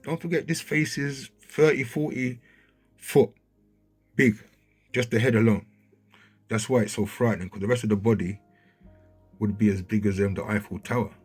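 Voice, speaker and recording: A man commenting casually over a video he plays, growing excited and checking in with the listener as he points things out. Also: on the low side, moderate pace, pauses often, breathy edge, soft background music. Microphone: handheld mic.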